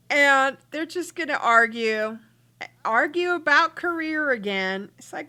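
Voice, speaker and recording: Bright, lively woman narrating a game. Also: high-pitched, slow, long pauses. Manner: voices her game characters' bickering in quoted lines, laughs often. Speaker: let's play host. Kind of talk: casual gameplay commentary.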